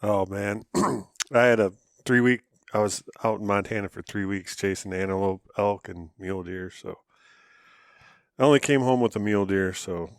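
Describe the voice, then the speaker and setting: A man with a low voice chats casually as a podcast co-host, relaxed and self-deprecating, chuckling now and then. The recording is dry and close with no room sound. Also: moderate pace, clear, resonant tone, dry recording. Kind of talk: casual chat.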